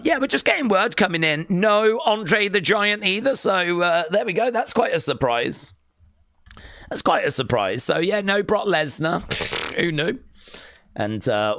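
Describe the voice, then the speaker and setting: Bright, excitable male stream host. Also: medium pitch, no room sound, clean studio sound. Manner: excitable, jokey, with sudden loud outbursts. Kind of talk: casual live-stream commentary.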